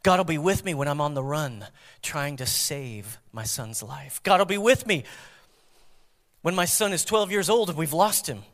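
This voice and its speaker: Male pastor, dynamic sermon delivery, loud to hushed, high-pitched voice. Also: expressive, normal speed, long reverb tail.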